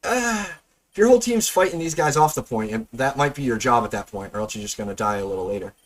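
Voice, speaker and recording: A man's voice: medium pitch, animated, quick pace. A man hosting a casual gameplay review, chatty and explaining as he goes. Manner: chatty, explains with stops and restarts. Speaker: host, game reviewer.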